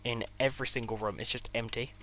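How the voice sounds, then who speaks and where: A man's voice: medium pitch, steady tone, quick pace, bright, forceful tone, a little hiss or hum. Offhand man giving a game build tour. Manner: rambling, offhand, dry sarcastic asides. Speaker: gaming creator.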